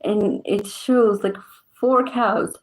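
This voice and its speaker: A woman's voice: mid-range voice, steady tone, slow, poor audio. A young woman from southern Morocco with a Moroccan accent, chatting casually in a vlog and laughing often. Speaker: vlogger. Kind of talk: casual chat.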